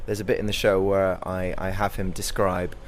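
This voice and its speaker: A young man answers interview questions in a low, earnest voice, thoughtful and growing animated as he recounts. Faint ambience hums behind him. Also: moderate pace, a little hiss or hum. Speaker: comedy performer being interviewed.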